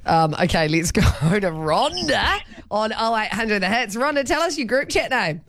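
A woman with a New Zealand accent hosting a casual radio chat, bubbly and quick to laugh. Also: medium pitch, very animated, a bit bright. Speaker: radio host. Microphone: studio microphone.

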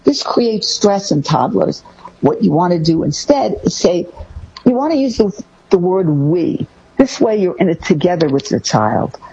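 A woman co-hosting a talk show, giving casual parenting advice in a lively way, acting out what parents say to their kids. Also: moderate pace, slightly rough, dull audio. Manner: lively, acts out parent phrases in a higher voice. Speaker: parenting podcast co-host.

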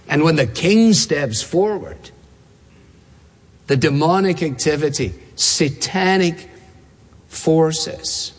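A man preaching a sermon, emphatic, repeating key phrases and slowing down to stress words. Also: fairly high pitch, breathy edge. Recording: long hall reverb.

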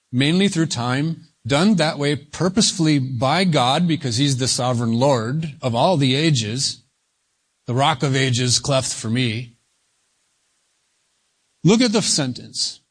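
A man preaching an expository sermon, slow and deliberate, leaning hard on single words as he reads scripture aloud. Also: fairly high pitch. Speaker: pastor.

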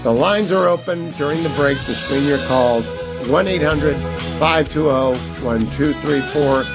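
A man's voice: on the high side, a little slow, music in the background, poor audio. A man hosting a talk radio show, speaking emphatically and urging listeners to donate. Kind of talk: conservative talk radio monologue.

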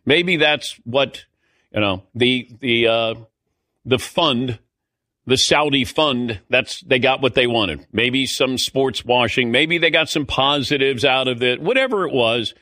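A middle-aged man hosts a casual sports talk show, rambling through stories with indignant asides and self-mocking humor. His voice is bright and forceful. The sound is dry and close. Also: mid-range voice, no echo. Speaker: sports radio host.

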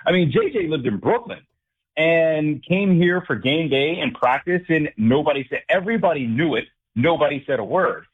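A man who works as a sports director and anchor, a guest on a sports talk show, talking in an emphatic, animated way. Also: a little high, normal speed, slightly rough. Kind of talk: casual phone-in sports chat. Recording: tinny phone line.

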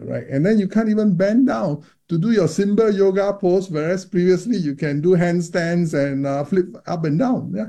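Gravelly, dark-toned doctor explaining patiently. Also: male voice, high-pitched, lively intonation, normal speed. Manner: explanatory, many repeated words and restarts. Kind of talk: interview about menopause research.

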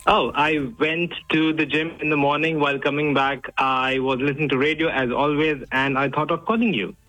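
A man's voice: on the high side, steady tone, normal speed, bright, forceful tone, soft background music, poor audio. A man with an Indian accent, calling in to a radio show in a polite, matter-of-fact way. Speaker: caller. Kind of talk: casual radio call.

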